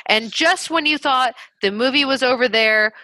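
A woman's voice: sits high, moderate pace, no echo. A woman co-hosting a podcast, retelling a movie plot in casual chat, acting out lines and swearing freely. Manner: animated storytelling, swears freely, acts out quotes. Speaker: podcast co-host.

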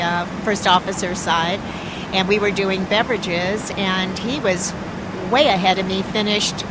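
A woman, a flight attendant, telling a work anecdote in a lively, casual way. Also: medium pitch, very noisy.

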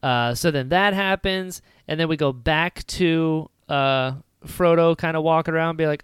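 A woman hosting a podcast, recapping a film in casual chat with lively retellings. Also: deep voice, clear, resonant tone, dry recording, clean studio sound. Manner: animated retelling with quick character voices. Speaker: podcast host.

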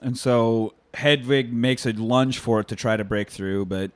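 A man hosting a laid-back podcast chat, his talk loose and full of profanity. He gets worked up and rants with mock outrage, his voice at an ordinary mid pitch. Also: a little slow, no room sound. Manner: profane, ranting, excitable. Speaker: podcast host. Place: indoor room with friends, drinking beer.

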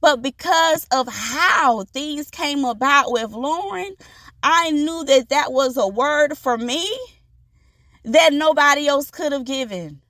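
A woman hosting a podcast, telling an inspirational story in an animated, preachy way and acting out the voices in it. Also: sits high, slow pace, no room sound, clean studio sound. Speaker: podcast host.

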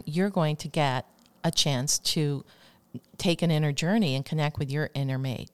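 A woman hosting a self-help show, calmly coaching listeners and leading them through repeated affirmations. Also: sits low, clear, resonant tone. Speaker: radio show host. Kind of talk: self-help talk on love and relationships.

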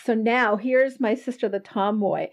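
A woman's voice: fairly high pitch, fairly even intonation, measured pace. A woman podcast host in casual interview chat, chatty and effusive. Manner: chatty, effusive, laughs easily.

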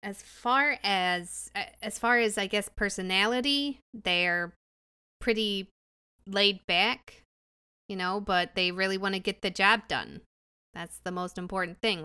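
Bright, clear-voiced woman player. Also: medium pitch, measured pace. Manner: teasing, brash. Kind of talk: casual chat introducing a tabletop character.

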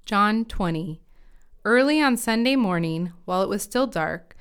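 Woman with a very clear reading voice. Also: mid-range voice, animated, a little slow. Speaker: Bible reader. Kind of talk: scripture reading.

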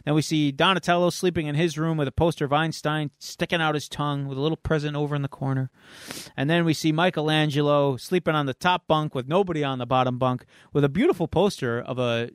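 A podcast host, an animated man with a fairly high, clear, resonant voice, retells a comic in casual chat. The sound is clean studio audio with no room sound.

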